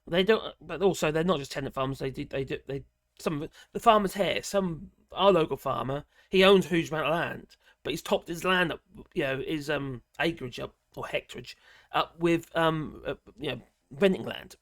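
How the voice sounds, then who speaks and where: A middle-aged British woman rants sarcastically and indignantly about a news article, with bursts of mild swearing. Her voice is deep, at normal speed, and jumps up when she's outraged. The studio sound is clean with no echo.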